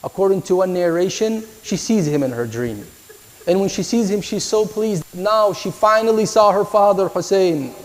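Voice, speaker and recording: Guy preaching in a big echoey hall, high voice, slides into a chanted lament. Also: animated, moderate pace. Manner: voice climbs higher and louder, chanting lines as a lament. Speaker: speaker at a mourning gathering. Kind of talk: sermon, rising into emotional lament.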